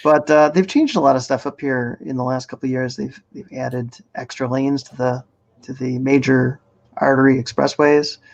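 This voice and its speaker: A man at a middle pitch with a gravelly edge hosts a casual live-stream chat. He explains things step by step in a relaxed way. The sound is a little dull and lo-fi, as over a video call. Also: normal speed. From Boston area, Massachusetts. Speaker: host running a video challenge.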